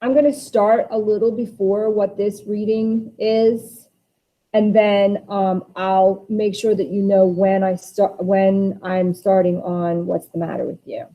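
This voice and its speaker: Teacher reading a play aloud. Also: female voice, medium pitch, flat delivery, unhurried, mellow. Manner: plain, instructive. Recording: dull lo-fi recording.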